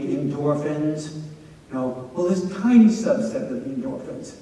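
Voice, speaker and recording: A middle-aged man speaks in a chatty, anecdotal way to a room of students. His voice sits fairly high and sounds mellow. He is heard from far off in a big, echoey hall with a long reverb. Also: slight background noise. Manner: chatty, anecdotal, with frequent "you know". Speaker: presenter. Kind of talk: lecture to students.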